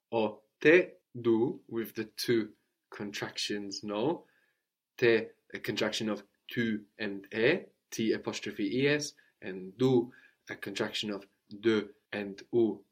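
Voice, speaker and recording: A man teaching French to a student, explaining slowly and repeating phrases for her to copy. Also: lowish voice. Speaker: language teacher.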